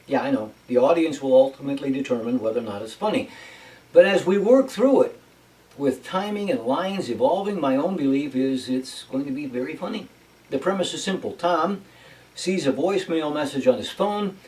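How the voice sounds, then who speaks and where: A man's voice: a little high, darkish tone. Chatty man, a bit off mic. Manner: chatty, wry asides. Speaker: vlog host and actor. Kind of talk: casual personal update. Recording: voice from a distance off mic.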